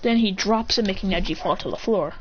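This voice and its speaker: A woman's voice: mid-range voice, a little fast. A woman casually improvising a fan-fiction story, rambling and correcting herself, on a slightly muffled recording. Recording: slightly muffled, faint hiss.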